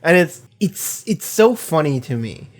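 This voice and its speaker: A man giving casual anime reaction commentary from a home setup, rambling excitedly with lots of fillers and swearing. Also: on the high side, unhurried.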